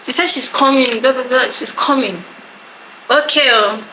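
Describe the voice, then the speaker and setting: Woman, storyteller, pitched a bit high, echoey room with audible noise. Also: normal speed. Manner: animated storytelling, acts out quoted voices. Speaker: podcast co-host telling a story. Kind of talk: casual story time chat.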